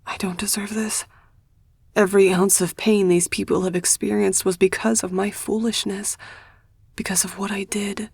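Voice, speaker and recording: A woman's voice: mid-range voice, flat delivery, normal speed, vocal fry, a little mellow, husky, no room sound, clean studio sound. A woman voicing a guilt-stricken young woman, pleading and raw in audiobook dialogue. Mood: despairing whisper.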